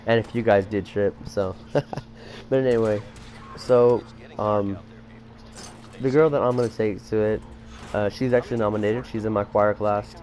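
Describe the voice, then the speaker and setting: A man's voice: fairly low pitch, steady tone, measured pace, long pauses, a little mellow. Rambling teenage boy telling a story. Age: teens. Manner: rambling, many fillers like "you know" and "like". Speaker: vlogger. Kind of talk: casual storytelling vlog.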